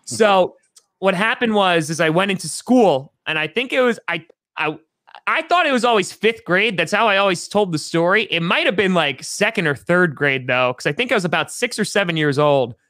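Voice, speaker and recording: An excitable man in his thirties from New York, talking as a podcast guest in a loose, rambling way. His voice sits high and bright, and the sound is close and dry. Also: normal speed, dry recording. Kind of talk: casual podcast chat.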